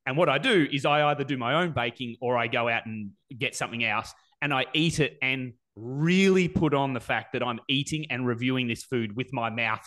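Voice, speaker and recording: A man in his forties hosting a casual interview, speaking warmly with many ums and restarts. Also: medium pitch, a little fast, hardly any pauses. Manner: warm, hesitant, many ums. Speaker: interviewer, fitness coach.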